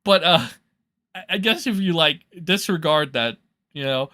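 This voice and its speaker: A man's voice: on the high side, lively intonation, normal speed, sharp tone, no echo, studio quality. A man hosting a livestream, reacting to clips in a loose, sarcastic and profane way. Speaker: livestream host.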